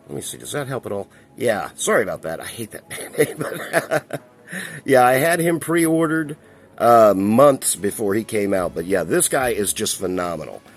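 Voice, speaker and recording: A man casually reviewing a collectible toy, chatty and rambling, with a chuckle now and then. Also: mid-range voice. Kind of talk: casual toy review while handling a figure.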